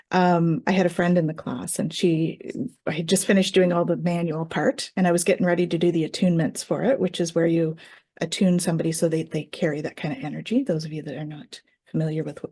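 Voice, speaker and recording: Reiki teacher lady chatting, lowish warm voice, animated storyteller, laughs a lot. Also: husky. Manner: animated, acts out quoted voices, laughs often. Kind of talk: casual storytelling chat.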